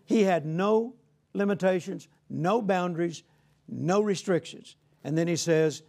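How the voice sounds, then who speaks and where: A man's voice: sits high, measured pace, gravelly, a little mellow. A man preaching a sermon in a folksy, conversational way, often saying "you know" and calling out "Amen?" to the congregation.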